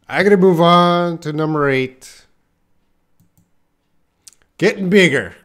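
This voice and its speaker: A man's voice: fairly high pitch, takes it slowly, pauses often, fairly bright tone. A man teaching a live online English lesson, trying tongue twisters, joking with viewers and laughing at his own mistakes. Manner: chats with viewers reading their comments.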